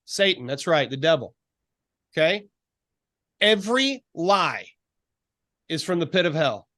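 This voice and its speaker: A male coach on a video call speaks in an encouraging, preacherly way and leads with rhetorical questions. His voice sits a little high and sounds dry and close. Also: expressive, unhurried, bright, forceful tone, no echo. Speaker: life coach. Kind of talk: faith-based coaching call.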